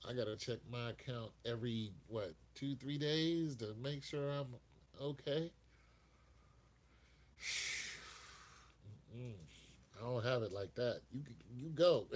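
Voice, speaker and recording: A man's voice: mid-range voice, takes it slowly, pauses often. Laughing man in a rambling live chat. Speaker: live-stream host.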